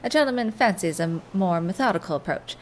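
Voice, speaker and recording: A woman voicing a flamboyant, overconfident male gentleman detective who makes theatrical declarations. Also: lowish voice, animated, brisk, a little hiss or hum, natural voice. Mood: grandiose.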